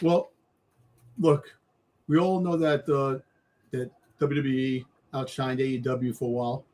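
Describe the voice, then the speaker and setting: A man's voice: medium pitch, level tone, measured pace, a little mellow, slight background noise. A man on a casual wrestling panel, rambling with lots of fillers and swearing.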